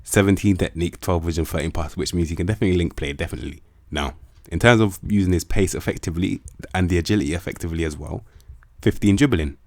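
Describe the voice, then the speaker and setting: A man's voice: sits low, fast, no room sound, studio quality. A young man giving casual, slang-heavy game commentary and swearing freely as he hypes up players. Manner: slangy, swears a lot, animated hype. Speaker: gaming video host.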